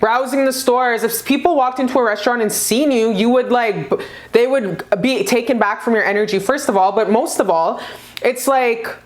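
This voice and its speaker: A woman with a fairly high voice reads tarot cards in a casual pick-a-card video. She gushes and swears freely, breaking into bursts of excitement as she flips each card. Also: moderate pace. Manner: animated, gushing and profane, bursts of high excitement.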